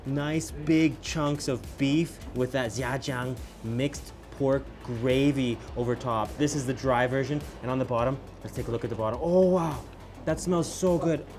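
Male travel food host, excitable and effusive, mid-pitched voice. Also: a little slow, faint music behind. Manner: exclamatory, gushing over food; mixes English with simple Mandarin. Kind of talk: enthusiastic food vlog with voice-over narration.

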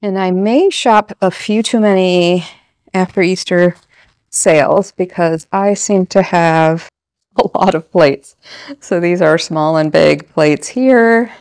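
A woman's voice: lowish voice, darkish tone, smooth. A middle-aged woman chatting casually at home while she decorates, laughing often and telling little stories. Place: home, indoors.

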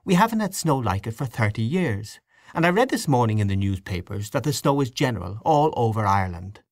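A man voicing an excitable young woman hostess in an audiobook, breathless and gushing. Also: mid-range voice, a little fast, dry recording, studio quality. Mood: chatty.

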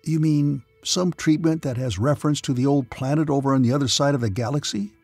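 A man's voice: mid-range voice, brisk, a little mellow, no echo, soft background music, natural voice. A man voicing an angry young starship-line man who protests hotly. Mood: heated. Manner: heated, protesting.

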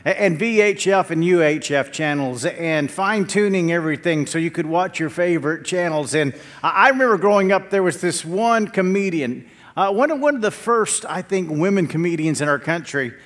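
Middle-aged man, pastor preaching from the pulpit; voice sits a bit high, anecdotal delivery with humor. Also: moderate pace. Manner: animated storytelling with jokes and quotes; drops to a low, quiet tone in prayer. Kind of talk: sermon.

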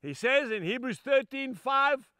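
An older man preaching a sermon, emphatic, swinging from shouts down to soft, low asides and calling his listeners "folks". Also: lively intonation, measured pace, clear, resonant tone, no room sound, clean studio sound.

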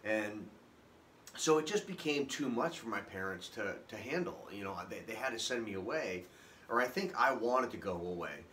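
Low-voiced man telling his story haltingly. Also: animated, a bit bright, a little hiss or hum. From Boston area, US. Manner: halting, many restarts, emotional. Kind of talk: personal testimony, unscripted.

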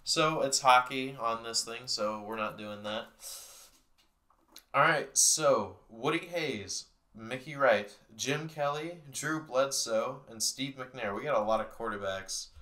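A man's voice: medium pitch, bright, forceful tone. A young man vlogging to camera, rambling and joking in a loose, profane way about his day. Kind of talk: casual chat to camera.

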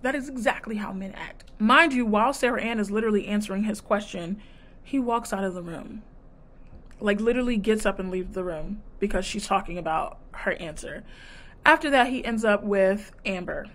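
A woman vlogger casually recapping a dating show, sassy and animated, acting out quotes in her retelling. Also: mid-range voice. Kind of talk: casual chat.

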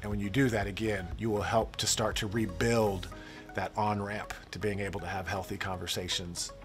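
Forties guy, lowish voice, earnest parenting talk, faint music under it. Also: flat delivery, normal speed. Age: 40s. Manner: earnest, reflective, confessional. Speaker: church parenting speaker. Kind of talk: scripted-feel talk to parents.

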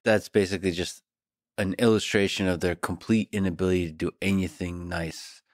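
Deep-voiced, soft-spoken male host. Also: steady tone, a little fast, no room sound, studio quality. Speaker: podcast host. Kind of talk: interview questions and brief responses.

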